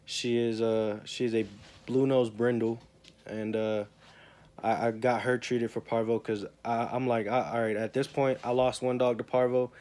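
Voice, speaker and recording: A man's voice: medium pitch, flat delivery, moderate pace, darkish tone. A young man talks in a rambling, emotional way in a casual personal vlog. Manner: rambling, emotional, repeats himself. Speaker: vlogger.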